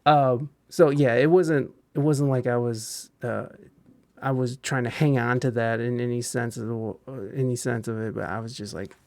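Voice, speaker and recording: A man with a gravelly, fry-edged voice hosting a relaxed podcast conversation. He talks in halting bursts, restarting sentences often. The sound is dry and close, with no room around it. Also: medium pitch, dry recording. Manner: halting, frequent restarts and fillers. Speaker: podcast host. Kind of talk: casual podcast chat.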